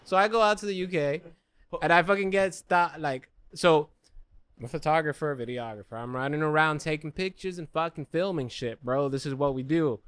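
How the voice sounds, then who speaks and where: A man's voice: on the high side, a little fast, a bit bright, clean tone, no echo. Profane American man telling a story. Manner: profane, rambling anecdote. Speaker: podcast co-host. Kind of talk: casual chat, storytelling.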